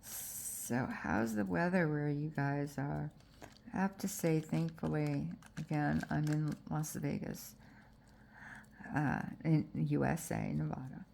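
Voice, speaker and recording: Woman, low and deep, very gravelly, stuffy from allergies, slow unhurried talk, chatty crafting tutorial, faint background noise. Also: fairly even intonation, darkish tone. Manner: chatty and self-deprecating, with frequent fillers. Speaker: junk journal crafter. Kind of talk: casual crafting tutorial chat.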